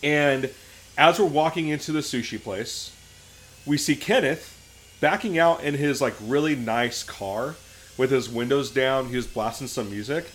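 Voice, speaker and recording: A man's voice: mid-range voice, unhurried, a little hiss or hum. A man co-hosting a podcast in casual chat, telling a story with energy and acting out the people in it with a raised voice. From Southern California. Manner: animated storyteller, acts out quotes in a raised voice. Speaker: podcast co-host.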